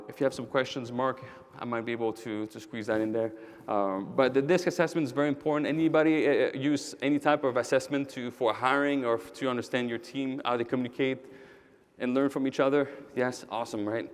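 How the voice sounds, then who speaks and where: Male keynote speaker, mid-pitched, energetic, tells stories and asks the crowd questions. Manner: energetic, directly addresses the audience; storytelling with quoted dialogue. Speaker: keynote speaker, roofing company owner. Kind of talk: conference keynote talk.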